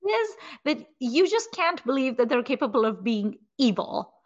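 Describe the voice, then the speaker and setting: A woman co-hosting a podcast, retelling a film scene in a casual, animated way full of "like" and "you know". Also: high voice, normal speed, lo-fi sound. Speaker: podcast co-host.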